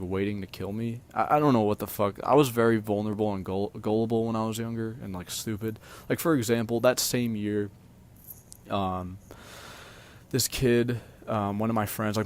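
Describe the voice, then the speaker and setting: Young man, vlogger, low voice, casual storytime, rambling, lots of filler words, swearing.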